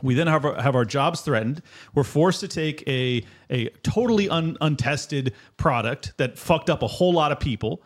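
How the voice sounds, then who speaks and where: Fast-talking, ranting man on a podcast. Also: fairly high pitch, expressive. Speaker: podcast co-host. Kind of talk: casual podcast chat.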